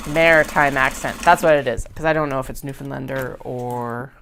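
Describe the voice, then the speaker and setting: A young woman with a Western Canadian accent talks in a low, rambling way, full of fillers and rising uptalk. She sounds casual and chatty, as if hosting a livestream while she works. There is faint noise in the background. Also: fairly even intonation, normal speed, a bit bright. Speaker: sewing livestream host.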